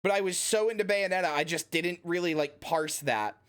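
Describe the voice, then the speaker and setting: A woman streamer telling a story in casual stream chat, animated and rambling, and swearing casually. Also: on the low side, fairly quick.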